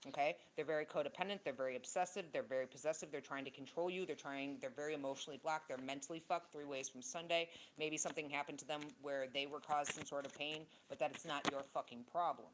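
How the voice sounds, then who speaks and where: A woman's voice: low-pitched, steady tone, fast, hardly any pauses, noisy background. A woman giving a casual tarot reading, blunt and profane with rambling asides. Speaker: tarot reader.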